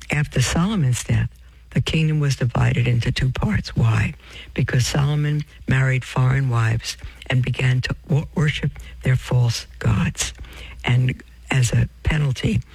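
Male preacher, gravelly and a little husky, reads a religious text aloud and drifts into asides, close dry sound. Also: medium pitch, a little mellow, no room sound, low-quality recording. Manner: addresses listeners as beloved, reads with off-script asides and self-corrections. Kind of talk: sermon reading from a text with asides.

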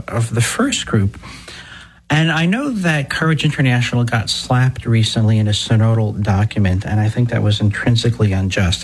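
A man, a priest hosting a radio talk show, speaking in a deliberate, wry and emphatic way, slowing down to stress key words. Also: on the low side, breathy edge, rough recording. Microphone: studio microphone.

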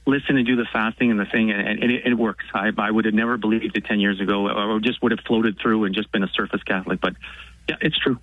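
A low-voiced man calls in to a radio show, talking quickly with earnest hesitations. His voice comes through a dry, tinny phone line. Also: steady tone, no room sound. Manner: earnest, halting. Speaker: caller. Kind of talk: phone-in testimony.

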